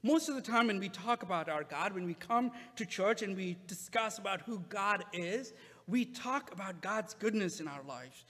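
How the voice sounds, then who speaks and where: High-voiced male pastor in a reverberant church. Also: expressive, moderate pace, a bit bright. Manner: conversational preaching with many "uh" fillers. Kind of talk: sermon.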